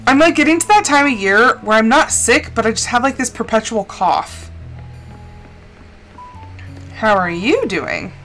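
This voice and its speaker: A woman's voice: fairly high pitch, expressive, measured pace, pauses often, a bit bright, faint music behind. A woman streamer chatting casually while playing a game, rambling with lots of filler words. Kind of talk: casual gameplay chat.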